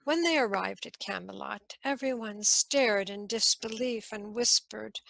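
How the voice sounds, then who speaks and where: Slow, gravelly woman storyteller. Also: mid-range voice, no echo, poor audio. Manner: slow, expressive, dramatic pauses. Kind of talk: oral storytelling.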